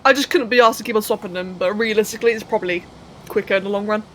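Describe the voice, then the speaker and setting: A woman's voice: medium pitch, racing, a bit bright, a little hiss or hum, rough recording. A young woman live-streaming a game, thinking aloud as she builds, counting under her breath and chatting to viewers with casual swearing. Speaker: livestreamer.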